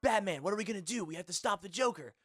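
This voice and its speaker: A man voicing a young boy sidekick with a high boyish inflection, eager and earnest. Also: expressive, racing, fairly bright tone, no room sound, clean studio sound. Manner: urgent, earnest pleading.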